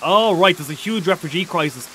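An excitable man hosts a casual gaming livestream, his voice pitched high for a guy and bright, almost edgy. A faint hiss sits under his talk. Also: a little fast, rough recording. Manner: excitable, reads out chat messages. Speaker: streamer.

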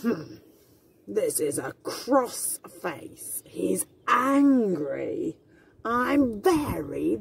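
A woman's voice: mid-range voice, vocal fry, distant mic. A woman teacher reading a picture book aloud to young English learners outdoors, acting out each feeling with gasps and laughs. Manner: very slow, animated, acts out each emotion with gasps and laughs. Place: outdoors in the mountains.

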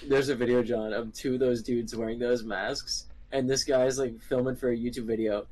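Casting: young man, casual gaming banter, teasing and laughing, mid pitch, faint background noise. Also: fairly even intonation, normal speed, a little mellow, low-quality recording. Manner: joking, teasing, frequent laughter. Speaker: gaming friend.

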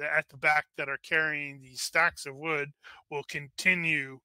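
Male game master, bright crisp voice, dry close mic, halting delivery. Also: fairly high pitch, dry recording. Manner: halting, many restarts and fillers. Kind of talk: narrating a tabletop game.

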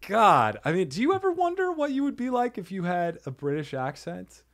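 A man hosting a casual comedy podcast, playful and quick to laugh as he riffs on jokes. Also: high-pitched, wildly swooping pitch, fairly bright tone. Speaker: podcast host.

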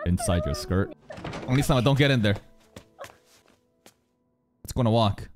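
A man commenting casually on an anime as a reaction streamer, excitable and profane, often laughing. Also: medium pitch, normal speed. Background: anime soundtrack music.

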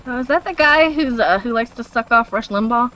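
A woman's voice: a little high, animated, a little fast, a bit bright, dull audio, slight background noise. A woman in her thirties chatting and giggling while watching a game, giving blunt opinions. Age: 30s. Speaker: co-commentator. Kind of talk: casual chat over gameplay.

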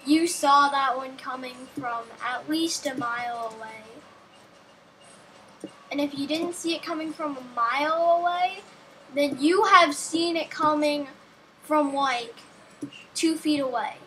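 A woman's voice: sits high, unhurried, sharp tone, a little hiss or hum, rough recording. A young woman giving casual, rambling gameplay commentary with a sarcastic streak, talking to herself and the game.

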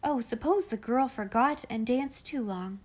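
A woman's voice: fairly high pitch, a little slow, darkish tone. Woman reading a children's classic aloud. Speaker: audiobook reader. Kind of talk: scripted narration of a classic children's novel.

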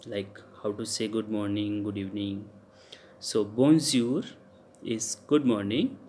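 A man with an Indian English accent giving a recorded lecture, spelling out letters and repeating example words slowly for students. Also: medium pitch, a little mellow, slight background noise. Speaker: teacher. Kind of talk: recorded lecture on French pronunciation.

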